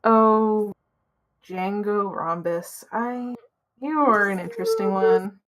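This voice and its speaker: Voiced by a woman, a male artificial intelligence speaks in a slow, measured, courteous tone that carries quiet menace. He sounds amused and in control, unhurried, in a tabletop role-play session. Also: mid-range voice, lively intonation. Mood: polite menace. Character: calm, smug male AI controlling a facility.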